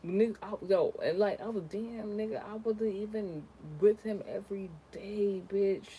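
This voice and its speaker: A woman's voice: a little slow, slight background noise, low-quality recording. Profane, ranting young woman telling a story. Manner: profane, animated and ranting, swings from low mutters to loud outbursts. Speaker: content creator. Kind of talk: casual storytime vlog.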